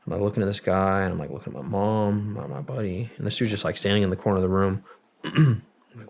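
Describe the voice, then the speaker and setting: A man with a very low, gravelly voice recounts his story as an interview guest. He rambles casually and swears freely as he talks. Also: quick pace, a little hiss or hum.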